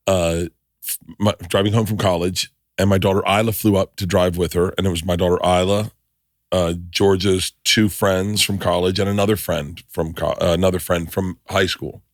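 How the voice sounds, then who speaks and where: Man, 50s, podcast host; low voice, dry close studio sound, profane and excitable. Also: no room sound. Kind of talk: casual chat with ad read.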